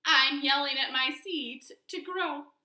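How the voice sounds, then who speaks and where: A woman doing an excitable, fretful toad. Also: slow pace, exaggerated voice. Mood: shouting. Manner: high, fussing, exclamatory. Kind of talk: children's storybook reading. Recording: roomy living room.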